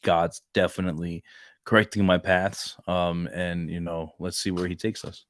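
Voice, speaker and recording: A man with a low voice tells a story in casual podcast chat, slipping into the voices of the people he quotes. He rambles a little and keeps circling back. The recording is dry and close. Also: flat delivery, moderate pace, fairly bright tone, dry recording. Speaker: podcast co-host; Marine reservist.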